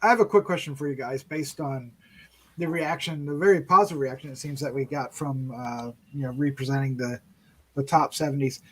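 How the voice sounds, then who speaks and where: A man's voice: mid-range voice, a little fast, low-quality recording. A man hosting a casual podcast, friendly, laughing often and steering the talk. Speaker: podcast host.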